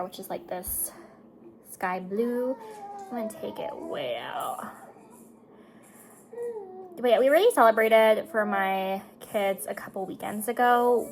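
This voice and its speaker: A woman's voice: mid-range voice, fast talker, slight background noise, low-quality recording. A woman in her thirties chatting casually to her viewers while doing her makeup, talkative and emotional, tearing up at times. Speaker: beauty vlogger and mother.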